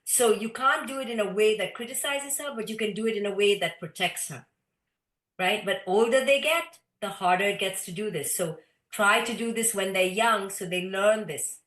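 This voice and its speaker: A woman's voice: medium pitch, moderate pace, a bit bright. Woman teaching a parenting workshop, roomy. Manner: direct, instructive, reads audience comments aloud. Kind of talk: live online parenting workshop. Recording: roomy echo.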